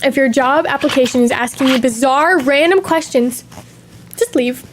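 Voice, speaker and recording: High-voiced young woman, chatty streamer. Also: moderate pace, a little hiss or hum. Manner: chatty, candid, drifting between tangents. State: sniffly with allergies and hiccups. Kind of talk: casual chat.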